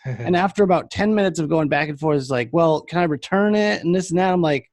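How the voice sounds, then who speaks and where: A young man talks fast, casually telling stories about customers at a vape shop. He is animated and acts out their voices in a higher pitch. There's slight background noise.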